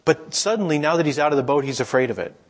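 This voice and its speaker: A middle-aged man giving a sermon in a relaxed, conversational storytelling way, sometimes acting out the voices of people he quotes. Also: fairly high pitch, very fast. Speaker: pastor.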